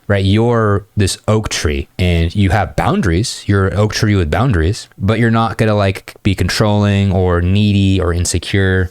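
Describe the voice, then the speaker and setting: Fast-talking male dating coach, dry sound. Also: fairly low pitch, no room sound. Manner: fast, animated, swears, acts out both sides of dialogues. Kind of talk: casual instructional monologue.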